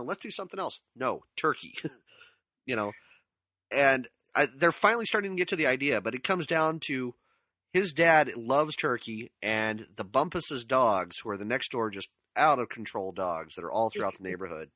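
Middle-aged male co-host, lively storyteller, bright voice, dry sound. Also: mid-range voice, normal speed, dry recording. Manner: animated storyteller, acts out quotes; laughs often. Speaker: podcast co-host discussing a film. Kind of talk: casual chat.

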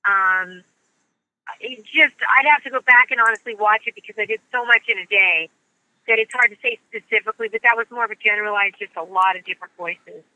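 A woman's voice: mid-range voice, a little fast, pushed and bright, no echo, highs cut off. A woman who grew up in the United States, a voice actress chatting upbeat and bubbly in an interview. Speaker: voice actress guest. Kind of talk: casual interview chat.

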